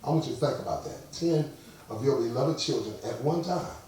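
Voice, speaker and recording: A man preaching a sermon, telling a story with lots of repeated words and building to louder fervor. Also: mid-range voice, fairly quick. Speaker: pastor. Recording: echoey church sound from far off.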